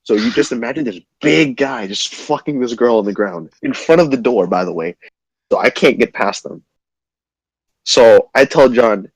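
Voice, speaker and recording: A young man casually telling a wild story to his chat, animated and swearing freely. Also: mid-range voice, no echo, poor audio. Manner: animated, swearing, quick retelling.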